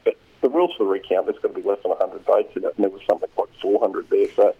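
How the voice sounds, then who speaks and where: A man with a somewhat low, husky voice talks as a regular radio commentator. He rambles and halts, restarting his sentences often. The sound comes down a dull, lo-fi phone line. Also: steady tone. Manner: rambling, halting, many restarts. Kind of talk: casual radio chat.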